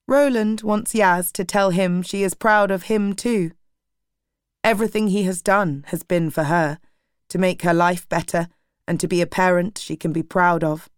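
A woman narrating an audiobook in a steady, measured way. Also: on the low side, smooth, dry recording, studio quality.

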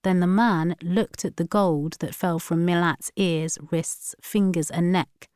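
A woman narrating a novel chapter in a measured, even reading. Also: lowish voice, smooth, dry recording, clean studio sound. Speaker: audiobook narrator. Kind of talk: scripted narration.

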